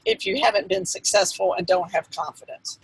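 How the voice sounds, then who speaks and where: A woman's voice: lowish voice, brisk, breathy edge, low-quality recording. A woman guest expert explaining emotional skills in an earnest, instructive way, with restarts and fillers. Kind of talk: explanatory interview answers.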